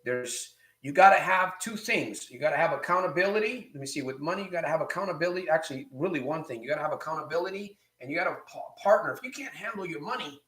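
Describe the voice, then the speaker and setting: A man's voice: fairly high pitch, expressive, fast talker, few pauses, fairly bright tone, roomy sound. A man hosting a live motivational stream as a recovery coach, greeting viewers and reading their comments aloud, with encouraging, repetitive phrasing. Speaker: recovery coach and show host.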